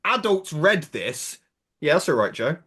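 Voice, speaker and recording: Animated ranting man in his thirties. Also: fairly high pitch, a little slow, slightly rough. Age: 30s. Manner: giggly, exclaiming, ranting. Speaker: podcast co-host. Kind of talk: casual chat.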